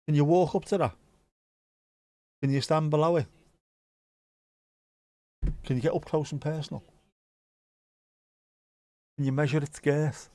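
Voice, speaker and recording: A man's voice: fairly high pitch, fairly even intonation, unhurried, long pauses, a little mellow, no echo. A man hosting a live match watchalong, chatting casually and rambling between dad jokes. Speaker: watchalong host.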